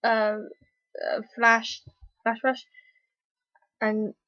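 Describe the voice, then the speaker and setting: A fairly high-voiced woman chats through a casual review vlog, full of ums and restarts as she gushes like an eager fan. Her voice comes through a dull, lo-fi recording with a dry, close sound. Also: drawn-out words, no room sound. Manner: rambling, hesitant, excitable fan with many fillers. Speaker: TV episode reviewer.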